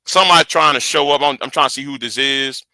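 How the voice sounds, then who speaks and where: This is a man in his early forties who rambles casually to his viewers from home, repeating words as he goes. His voice has a very bright tone. The sound is dry and close, with almost no room echo. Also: mid-range voice, quick pace. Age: early 40s. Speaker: channel host. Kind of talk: casual livestream chat with viewers.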